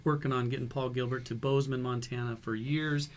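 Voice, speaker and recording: A man's voice: medium pitch, fairly even intonation, brisk. A man hosting an interview in a music store studio, upbeat and enthusiastic, with lots of fillers. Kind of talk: casual interview chat.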